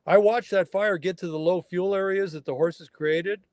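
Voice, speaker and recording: A man's voice: sits high, fairly even intonation, moderate pace, a little mellow, no echo. A man, a wild horse researcher from the northern California mountains, telling a story as a guest on a remote interview and acting out the people he quotes.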